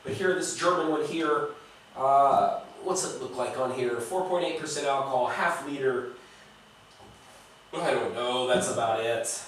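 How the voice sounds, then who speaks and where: A man's voice: medium pitch, unhurried, a bit bright, distant mic, slight background noise. An American man reviewing beers in a casual vlog, blunt and profane, talking straight to the viewer, in a home recording. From United States. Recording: very echoey room, voice a bit off-mic.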